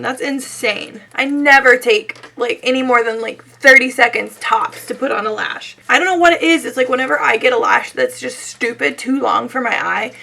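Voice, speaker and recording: A young woman with a high, bright voice that has gone scratchy and hoarse from being sick. She chats her way through a makeup tutorial in a loose, self-deprecating way, leaning on "like" as she goes. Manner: chatty, self-deprecating, frequent "like". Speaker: beauty vlogger. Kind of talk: casual makeup tutorial chat.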